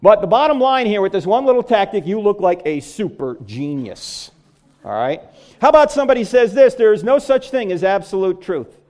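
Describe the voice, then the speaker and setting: Animated, high-pitched joking man. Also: brisk. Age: middle-aged. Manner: joking, punchline-driven delivery. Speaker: Christian apologetics speaker. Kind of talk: humorous lecture to a live audience.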